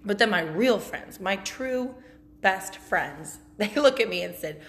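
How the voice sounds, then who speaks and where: A woman's voice: medium pitch, animated, a little slow, a bit bright. A woman with a mid-range voice talks casually through a podcast story, blunt and profane. She keeps a chatty, candid rhythm and laughs often. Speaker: podcast host.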